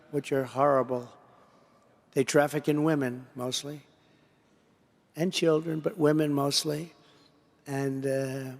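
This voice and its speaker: A man with a fairly high voice and vocal fry addresses an association in a rally-style political speech. Speaking into a podium mic in a large convention hall, he rambles, repeats himself and digresses, with the long reverb of the big space audible.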